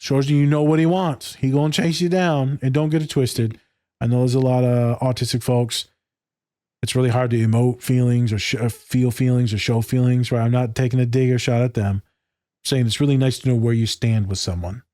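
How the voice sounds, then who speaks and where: A man's voice: medium pitch, fairly even intonation, brisk, warm tone, no echo. A man in casual podcast chat, loose and candid, swearing freely and acting out conversations. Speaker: podcast co-host.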